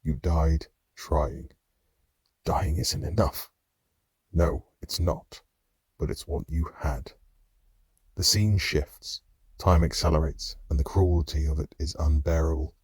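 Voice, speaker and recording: A man narrating a dark fantasy audiobook in the first person, measured and somber. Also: deep voice, fairly even intonation, slightly rough, no echo, clean studio sound.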